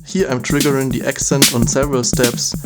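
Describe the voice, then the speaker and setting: A man's voice: mid-range voice, flat delivery, fairly quick, over loud music. Methodical man demonstrating a drum module. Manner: plain, methodical, step by step. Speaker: product demonstrator. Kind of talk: instructional demo narration.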